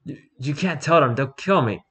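A man's voice: medium pitch, animated, moderate pace, a bit bright, breathy edge. A man voicing a panicked male convict prisoner who pleads and begs. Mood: nervous. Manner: pleading, then frantic and screaming.

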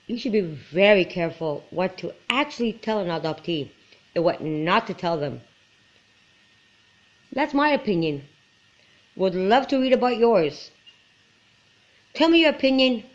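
A woman's voice: lowish voice, muffled recording. A woman in her forties from Quebec, speaking earnestly and with emotion in a personal vlog to camera. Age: 40s. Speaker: vlogger.

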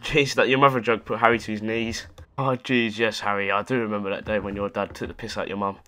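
A man's voice: lowish voice, level tone, fast, sharp tone, soft background music. Sweary sarcastic gaming guy. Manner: sarcastic, sweary running commentary. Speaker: gaming YouTuber. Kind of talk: gameplay commentary.

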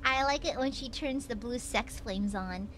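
A young woman streaming a game, chatting casually, teasing her chat and reading out donations in a playful, animated way. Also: a little hiss or hum. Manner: animated, quick pitch jumps. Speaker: VTuber streamer. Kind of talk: casual live-stream chat while gaming.

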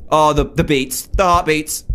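A man's voice: on the high side, steady tone, unhurried, a bit bright, slight background noise. A young man hosting a horror game playthrough, jumpy and exclaiming as he talks to himself and his viewers. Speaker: gaming video host. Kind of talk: let's play commentary.

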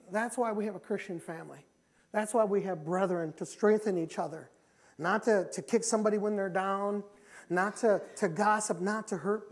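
In a church sanctuary, a middle-aged man with a high-pitched voice delivers a sermon. He speaks emphatically, repeating key phrases and shifting between loud and quiet passages.

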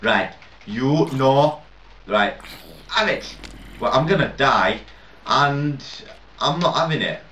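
A man's voice: medium pitch, lively intonation, slow, long pauses, pushed and bright, a little hiss or hum. A young man rambling and swearing through casual gameplay commentary, laughing at his own mistakes. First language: not English. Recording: lo-fi roomy home mic at a distance.

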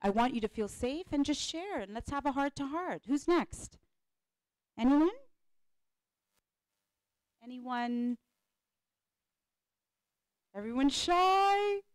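Animated woman coach at a panel. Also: high voice, slow pace, pauses often, no room sound. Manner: animated, repeats phrases, keeps asking "right?". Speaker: panel speaker and life coach. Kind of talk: motivational talk to a live audience. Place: conference hall.

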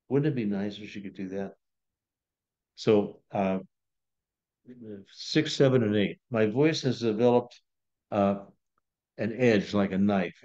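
A man's voice: on the low side, darkish tone. A man pastor teaching a Bible study in a conversational storytelling manner. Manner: conversational, storytelling, acts out quotes. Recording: dull lo-fi video call audio.

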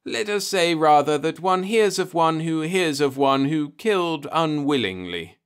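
A man reading the part of a polite, measured male alien in an audiobook, speaking with calm formality. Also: on the high side, clear, resonant tone, voice pushed up. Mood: politely calm.

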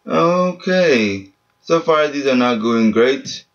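A man's voice: medium pitch, unhurried, fairly bright tone, highs cut off. A seventeen-year-old boy giving casual, frustrated commentary while opening game packs at home, swearing often and keeping his voice down. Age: teens. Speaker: gaming channel host. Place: family home, speaking quietly.

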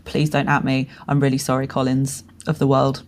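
A woman's voice: rumbling low, completely flat delivery, moderate pace, darkish tone. A woman hosting a solo podcast, talking candidly and casually, swearing freely as she tells stories. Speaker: podcast host and brand strategist.

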